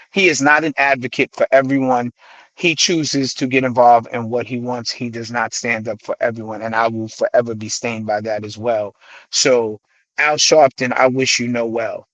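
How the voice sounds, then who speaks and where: A middle-aged man from the Bronx with a New York accent tells his stories as a guest in a dry, close-miked studio. His pitch sits in the middle, and he slips into the voices of the people he quotes. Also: dry recording, poor audio. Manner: animated storyteller who acts out quoted voices. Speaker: guest, hip-hop artist. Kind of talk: radio interview storytelling.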